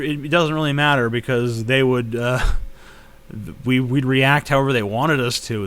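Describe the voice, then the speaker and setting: A man in his late twenties answers viewer questions in a casual vlog. His pitch sits in the ordinary middle range for a man. He talks bluntly and swears freely, sliding into heated rants. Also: pushed and bright, smooth. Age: late 20s. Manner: blunt, profane, ranting.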